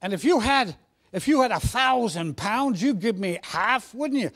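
A man's voice: high-pitched, lively intonation, normal speed, a bit bright, voice pushed up. A man putting on a pleading Cockney boy. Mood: wheedling. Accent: put-on Cockney. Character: eager young Cockney boy.

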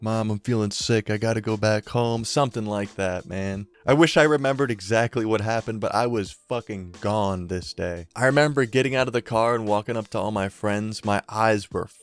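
A young man from Connecticut telling a casual, profane story in a storytime vlog, with laughter and drawn-out asides. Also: fairly low pitch. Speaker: vlogger.

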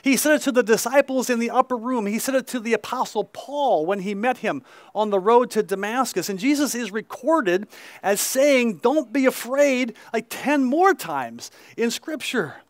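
A male pastor preaching a conversational sermon at an outdoor service, peppering his reading with "right?" asides and quick restarts. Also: very high voice, animated, dry recording.

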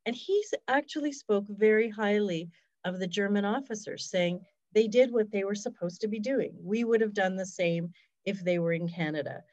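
A woman's voice: medium pitch, normal speed, a little mellow, no echo, muffled recording. A woman, a hospice fundraiser, telling stories in a casual, reflective interview over a video call.

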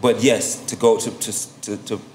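A man from South Florida, a guest rapper in his thirties, talking through his career in a relaxed, reflective way in a casual interview. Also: fairly low pitch, normal speed, slight background noise. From South Florida, USA. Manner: laid-back, reflective, with frequent "you know what I'm saying".

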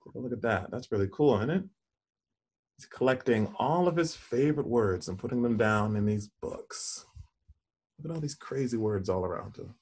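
A man reads a children's picture book aloud in a mid-range, slightly rough voice with lively intonation at normal speed. He's warm and encouraging, stopping to ask listeners questions and point at the pictures, and he lingers playfully on single words.

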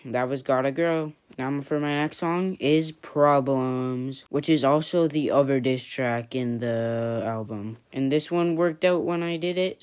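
A chatty vlog host with a mid-range voice, neither high nor low. The talk is loose and offhand, full of "and yeah" and "honestly" as it rambles through a casual recap. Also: darkish tone, clear, resonant tone. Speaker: channel host.

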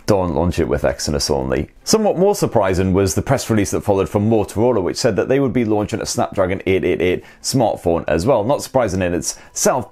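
A man's voice: on the low side, a little mellow. A man hosting a tech show, chatting casually and joking crudely while reading viewer comments. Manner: irreverent, sarcastic, crude jokes.

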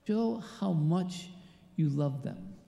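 Gravelly pastor preaching in a big church. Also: male voice, fairly high pitch, very animated, takes it slowly, mellow. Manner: conversational preaching, quizzes the congregation. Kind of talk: sermon. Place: large church. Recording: echoey church hall with long reverb.

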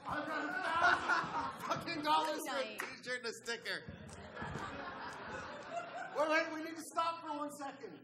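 A man's voice: extremely high pitch, moderate pace, pauses often, over a noisy crowd. A man running a live auction on stage at a conference, playfully calling out bids. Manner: playful, calls out bids with a laugh. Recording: echoey hall with audience noise.

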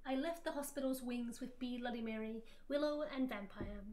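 A woman streamer reading fan fiction aloud for laughs, with theatrical, loud, overblown quotes. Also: a little high, normal speed.

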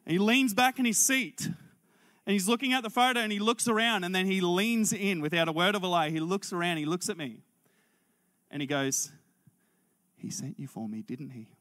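A man preaches a sermon as a lively personal story. His voice sits fairly high and has a forceful brightness. He acts out both sides of the conversation as he goes. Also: normal speed. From Australia. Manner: animated, acts out dialogue in character voices. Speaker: pastor.

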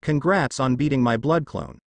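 A man voicing a cocky young male ninja who calls himself a warlock, with a dark, taunting delivery. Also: mid-range voice, normal speed, creaky, no echo, natural voice. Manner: dark, taunting grins and boasts.

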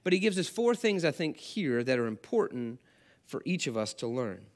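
A man's voice: mid-range voice, very animated, normal speed. A man preaching a sermon as pastor, talking conversationally and asking the congregation questions.

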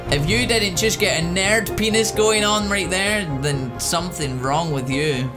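A man giving profane, excitable, joking commentary while he plays a video game. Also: sits high, measured pace, over music. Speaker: let's play host.

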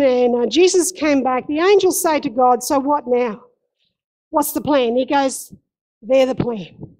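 Female pastor, high-pitched, impassioned church sermon delivery. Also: a little mellow, low-quality recording. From Australia. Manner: impassioned, emphatic repetition.

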